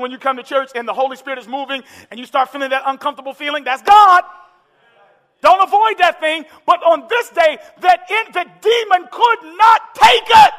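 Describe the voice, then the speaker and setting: A man preaching a sermon in a church, building to impassioned shouted climaxes. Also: extremely high pitch. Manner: impassioned, shouting climaxes with call-and-response urgency. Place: large church hall with congregation. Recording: echoey church hall with crowd.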